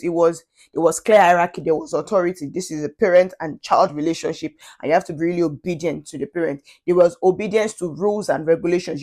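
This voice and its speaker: A woman's voice: lowish voice, a little mellow. A woman vlogger talking through her views in a casual, thoughtful monologue, often restarting sentences and adding conversational asides. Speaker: parenting vlogger.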